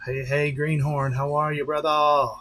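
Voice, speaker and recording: A man's voice: on the high side, little pitch movement, a little slow, bright, forceful tone. A man, a pastor, chatting casually on a live stream, rambling and talking straight to his viewers. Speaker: pastor and drone-racing streamer.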